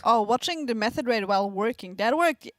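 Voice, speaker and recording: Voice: mid-range voice, lively intonation, fairly quick, a bit bright, dry recording, soft background music. A stream co-host talking straight to the chat, teasing and upbeat. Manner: teasing, talks to chat directly. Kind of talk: casual live-stream chat.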